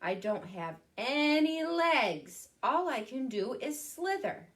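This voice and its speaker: A woman doing a quiet hissing snake. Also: sits high, very animated, takes it slowly, full character voice. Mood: sly. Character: long legless slithering snake.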